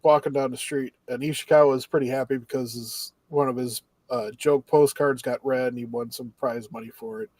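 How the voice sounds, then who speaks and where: A man's voice: mid-range voice, steady tone, fairly quick, few pauses, darkish tone, no echo. A man co-hosting a casual podcast, recapping anime episodes in a rambling way and acting out the characters' lines. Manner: rambling recap with acted-out quotes. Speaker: podcast co-host.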